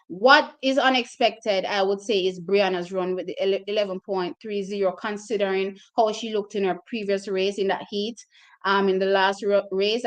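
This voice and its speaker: A woman hosting her own track and field channel, talking casually and directly to her viewers about race results, openly emotional as she goes. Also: mid-range voice.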